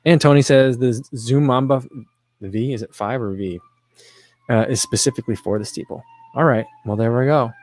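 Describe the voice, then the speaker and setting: Male livestream host, mid pitch, dry close sound, loose self-deprecating chatter with lots of restarts. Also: normal speed, a little mellow, no room sound. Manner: rambling, self-deprecating, with frequent restarts and fillers. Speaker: livestream host reading chat questions. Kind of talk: casual livestream chat.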